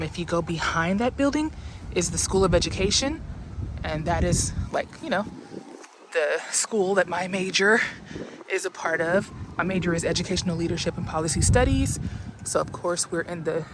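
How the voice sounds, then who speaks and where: A woman's voice: lowish voice, background noise. A young woman in her twenties, a doctoral student vlogging in a casual, upbeat way to her phone camera while walking outdoors on campus. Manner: chatty and upbeat, talking to the camera. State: out of breath from walking. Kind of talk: casual vlog chat.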